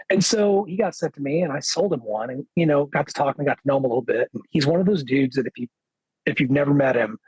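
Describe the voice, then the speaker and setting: A man, a guitarist guest on a podcast, telling a casual anecdote in an animated way, acting out what other people said with lots of "he goes.". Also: mid-range voice, slightly rough, no echo, rough recording. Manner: animated, quotes others with "he goes" and acts their lines; loose filler-heavy phrasing.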